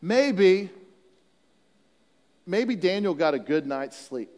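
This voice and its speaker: A man's voice: high-pitched, animated, slow, a little mellow, in a large hall. A man preaching a sermon as pastor, reading scripture and talking conversationally with humorous asides.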